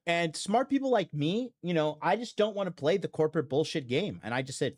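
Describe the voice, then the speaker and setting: A man's voice: a little high, expressive, fairly quick, few pauses, darkish tone. A man hosting a podcast in a blunt, profane, rambling monologue full of fillers and restarts. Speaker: podcast host. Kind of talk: casual monologue.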